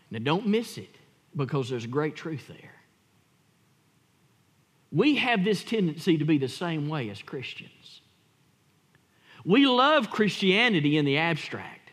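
High-voiced preacher in a reverberant church. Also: male voice, very animated, measured pace, pauses often. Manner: emphatic, storytelling, swings from loud to hushed. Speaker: pastor. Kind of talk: sermon.

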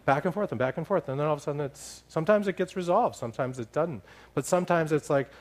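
A middle-aged man telling a humorous story to a church congregation, animated and laughing as he talks. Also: a little high, fast. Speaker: church leader sharing a story.

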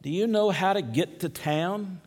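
A man's voice: high-pitched, a little slow, a little mellow, husky, big-room sound, voice pushed up. A man doing a lost, exasperated traveler. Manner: impatient, questioning.

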